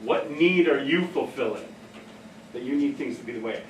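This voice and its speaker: A man's voice: medium pitch, animated, normal speed, slight background noise. A man leading a staff training session in a casual, storytelling way, often laughing at his own stories. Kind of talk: workshop talk. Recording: echoey room, heard from a distance.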